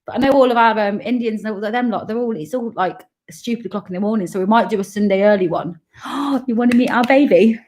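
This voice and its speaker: A woman's voice: fairly high pitch, fast, few pauses, a little mellow. A woman from Coventry in her thirties, chatting casually and laughing often on a live stream. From Coventry, England. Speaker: dementia carer and travel vlogger.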